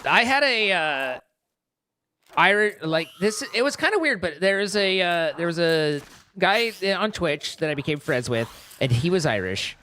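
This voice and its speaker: A man's voice: high-pitched, big pitch swings, unhurried, bright, forceful tone, a little hiss or hum. A man streaming, chatting casually in a rambling, self-correcting way and laughing easily. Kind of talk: casual live-stream chat.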